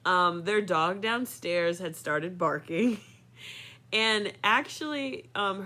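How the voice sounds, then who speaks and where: A woman's voice: on the low side, pushed and bright. A woman in her thirties telling a personal story in a chatty way, full of fillers, often laughing. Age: 30s.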